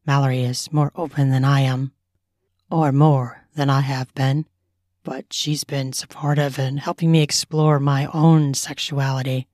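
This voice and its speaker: An uneasy man speaks haltingly in a lowered voice, nervous and unsure in an audiobook reading, as a woman puts him on. The sound is dry and close. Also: flat delivery, a little mellow, dry recording. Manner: hesitant, nervous. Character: hesitant nervous young man, new to this.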